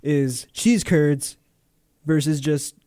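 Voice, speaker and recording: Male co-host, mellow tone, dry close sound, laid-back. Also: on the high side, slow, no room sound. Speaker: radio co-host. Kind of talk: casual chat.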